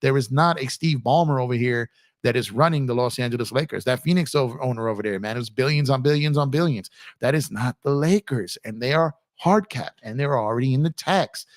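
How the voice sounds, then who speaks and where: Young male streamer, relaxed chatty delivery, repeats himself for emphasis, dry mic. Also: mid-range voice, fairly quick, no room sound. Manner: conversational, repeats phrases for emphasis, addresses chat as man and y'all. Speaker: livestream host. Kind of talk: casual live-stream chat reading viewer comments.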